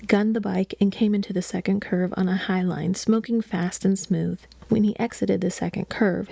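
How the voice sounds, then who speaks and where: Woman audiobook reader, gravelly edge, dry close recording, steady narration. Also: medium pitch, dry recording.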